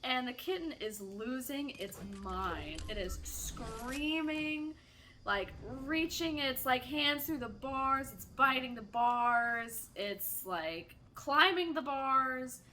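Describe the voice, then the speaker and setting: A woman telling a casual, animated story while playing a video game, chatty and theatrical. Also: high-pitched, slow pace, a little hiss or hum. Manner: chatty, animated, self-described drama kid. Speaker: gaming streamer.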